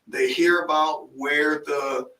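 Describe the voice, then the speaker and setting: A man hosting a podcast interview in a casual, animated way, often affirming his guest. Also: a little high, slow pace. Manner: animated, frequent affirming "mm-hmm", restarts when excited. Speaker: podcast host and life coach. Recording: echoey room, mic at a distance.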